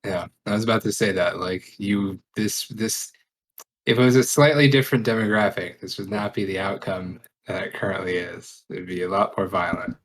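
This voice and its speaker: A man's voice: fairly low pitch, fairly even intonation, normal speed. A man co-hosting a stream, chiming in with blunt, dry remarks and casual swearing. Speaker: stream co-host. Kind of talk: casual reaction commentary.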